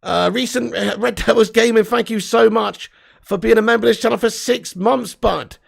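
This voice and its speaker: Gravelly, sweary lad ranting. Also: male voice, sits high, moderate pace. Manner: blunt, sweary, excitable banter. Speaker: livestream host. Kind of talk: live fan chat reading comments.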